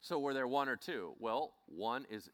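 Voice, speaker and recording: Casting note: a male preacher, bright and lively, who acts out the scenes. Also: mid-range voice, moderate pace. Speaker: Bible teacher. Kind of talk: sermon.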